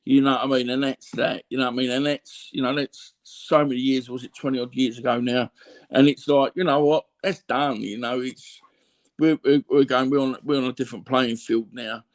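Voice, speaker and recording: A man's voice: mid-range voice, steady tone, moderate pace. Blunt rambling Cockney man. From London, England. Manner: rambling, repeats fillers, blunt and earthy. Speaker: guest. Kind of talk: candid conversational storytelling.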